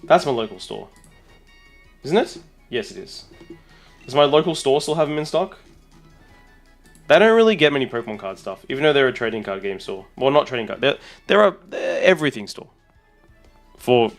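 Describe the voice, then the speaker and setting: A man, a streamer, chatting casually and excitably with his audience while rambling on. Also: mid-range voice, moderate pace, long pauses, faint music behind. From Australia. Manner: excitable, rambling, talks to chat. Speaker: streamer and content creator. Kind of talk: casual live-stream chat.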